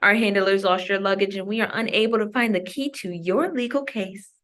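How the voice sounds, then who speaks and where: An invited guest from Maryland, a woman with an ordinary middle pitch and a fairly bright tone, performs spoken-word poetry. Her phrasing is measured and emphatic, deliberate in delivery, leaning on each line for effect.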